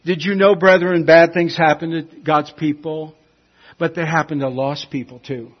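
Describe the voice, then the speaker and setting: A man preaching a sermon, emphatic, swinging between hushed and loud. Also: a little high, fairly even intonation, moderate pace. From United States. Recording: dull lo-fi recording.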